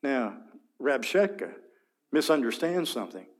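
A male Bible teacher leads a class through scripture in a relaxed, conversational voice of middling pitch. He paints scenes for his listeners and clears his throat now and then. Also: measured pace. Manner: conversational, vivid, asks listeners to picture scenes.

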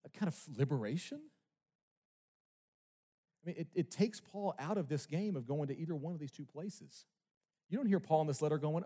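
In a church sanctuary, a male pastor preaches with emphasis and poses rhetorical questions to his congregation. His voice is fairly high and dark-toned, animated, at a normal speed with long pauses. The long reverb of a large hall fills the recording.

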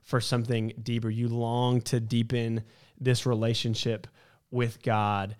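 Smooth-voiced earnest male podcast host. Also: mid-range voice, flat delivery, measured pace, a little mellow. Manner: earnest, encouraging, reads a quote aloud. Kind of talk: casual church podcast discussion.

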